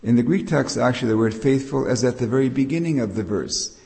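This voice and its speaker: Older man, preacher, mellow dark voice, patient explanatory sermon, long hall reverb. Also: mid-range voice, fast. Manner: explanatory, patient, with frequent restarts. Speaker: preacher and Greek teacher. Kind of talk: Bible teaching sermon.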